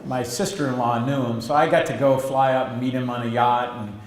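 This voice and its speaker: A man's voice: mid-range voice, fairly even intonation, fairly quick, reverberant, slight background noise. Man telling a rambling business story. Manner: rambling with restarts, acts out quoted voices. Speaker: interviewee, entrepreneur. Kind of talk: conversational storytelling. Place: stage or meeting room, event interview.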